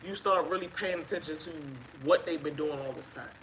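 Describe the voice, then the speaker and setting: A woman sharing her own experience as a guest on a live chat, telling it in an emphatic, animated way. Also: low voice, a little fast, slight background noise, poor audio. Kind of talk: casual live-stream chat.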